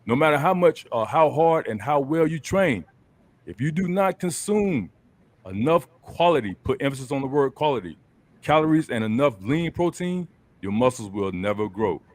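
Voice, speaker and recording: A man's voice: mid-range voice, lively intonation, moderate pace. A man hosting a casual group chat over a video call, talking in a loose, colloquial coaching way. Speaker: host.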